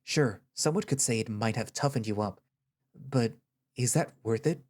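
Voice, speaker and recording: A man voicing a gentle, caring male therapist who speaks in a soft, reassuring, patient way in an audio story reading. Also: medium pitch, moderate pace, close to an everyday voice. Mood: earnest.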